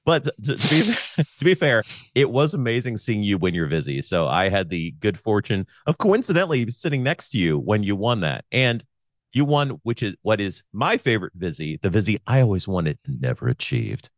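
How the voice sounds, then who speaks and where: Male podcast host, low and animated, jokey and rambling, dry close recording. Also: normal speed, no room sound. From born in Pennsylvania. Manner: joking, rambling, lots of "like". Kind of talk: casual chat.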